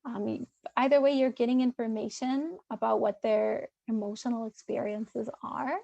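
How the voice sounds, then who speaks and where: Woman, therapist, webinar talk, relaxed with fillers, slightly high pitch, gravelly. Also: normal speed, dry recording, muffled recording. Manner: conversational, many fillers and restarts. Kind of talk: webinar presentation.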